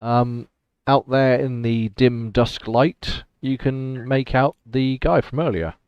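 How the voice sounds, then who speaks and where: A man narrating a tabletop game as game master, describing scenes in a relaxed way with fillers. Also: mid-range voice, takes it slowly, clear, resonant tone, dry recording. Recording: dull dry lo-fi recording.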